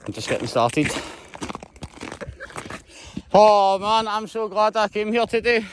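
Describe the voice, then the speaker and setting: Scottish guy with a high voice, chatting excitedly to camera on a windswept mountain hike. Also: slow pace, pauses often, slight background noise. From Scotland. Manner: excitable, sweary, talks to the camera. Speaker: hiking vlogger. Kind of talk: casual vlog narration while hiking. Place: outdoors on a snowy mountain.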